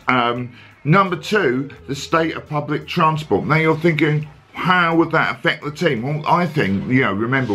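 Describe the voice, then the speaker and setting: A man hosting a comic football vlog, talking deadpan and sarcastic with lots of fillers. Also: mid-range voice. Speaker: comedy vlog host. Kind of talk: comic monologue to camera.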